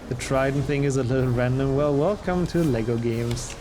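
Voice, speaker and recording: A man's voice: medium pitch, normal speed, background noise. A man streaming a video game, chatting casually and answering his chat as he plays. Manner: reads and answers chat while playing, relaxed and chatty. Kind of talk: casual live-stream chat over gameplay. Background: game music.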